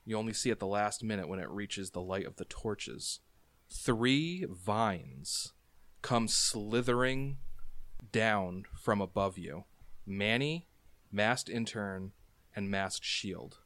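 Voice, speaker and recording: Brief: male tabletop game master, lowish voice, brisk explanatory narration, dry close mic. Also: fairly bright tone, no room sound.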